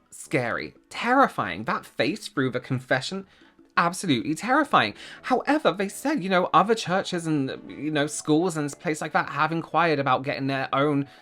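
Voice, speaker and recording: A man's voice: on the high side, a bit bright. A man hosting a reaction video, rambling and cutting himself off as he chats to camera. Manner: rambling, self-interrupting, laughs often. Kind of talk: casual commentary to camera.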